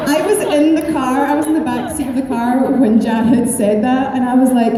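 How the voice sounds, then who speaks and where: A woman's voice: high voice, steady tone, normal speed, over a noisy crowd. A woman, an actress chatting and joking with fans on a convention panel, laughing often into a handheld microphone. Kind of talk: casual, playful panel chat with fans. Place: large convention hall. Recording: echoey hall with long reverb.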